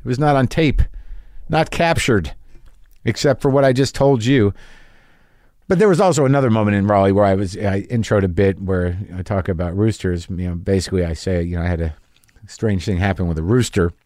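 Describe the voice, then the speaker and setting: A middle-aged man, a podcast host and comedian, telling a stage story in a casual rambling monologue, stumbling over repeated words and jumping up in pitch when he acts out people from the crowd. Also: a little fast, darkish tone, no room sound, clean studio sound. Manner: voice rises sharply when acting out audience members.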